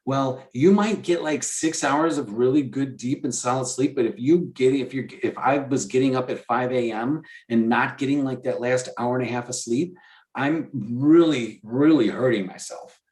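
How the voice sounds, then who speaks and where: A man's voice: medium pitch, moderate pace, darkish tone. A man co-hosting a podcast in casual chat, rambling with enthusiasm and many restarts. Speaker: podcast co-host.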